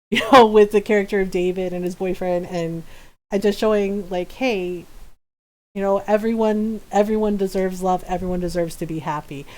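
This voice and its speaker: A woman's voice: medium pitch, darkish tone. A woman livestreaming a game and chatting casually, talking in a giggly way with many fillers. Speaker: livestream gamer. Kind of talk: casual chat while gaming.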